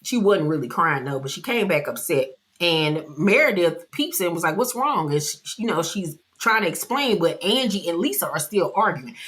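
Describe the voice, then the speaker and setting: A woman giving a casual recap of a reality TV episode, loud and brash with slang and swearing, often laughing and jumping high in pitch for mock outrage. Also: normal speed, few pauses. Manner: animated, loud, with frequent laughter.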